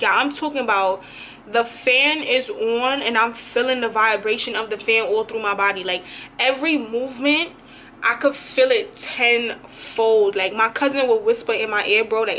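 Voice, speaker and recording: A woman's voice: fairly high pitch, a little hiss or hum. A young woman vlogger telling a dramatic, slangy story in a casual storytime. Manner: animated, slangy, dramatic retelling.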